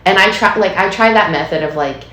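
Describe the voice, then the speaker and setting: A woman's voice: mid-range voice, fairly quick, fairly bright tone, echoey room, poor audio. A young adult woman co-hosting a podcast as a teacher, chatting and laughing in a conversational way.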